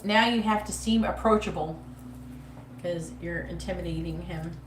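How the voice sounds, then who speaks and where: A psychic livestream host with a lowish voice gives a live tarot reading at a moderate pace, her talk blunt, sassy, casual and full of profanity. Slight background noise and an echoey room come through a mic placed at a distance.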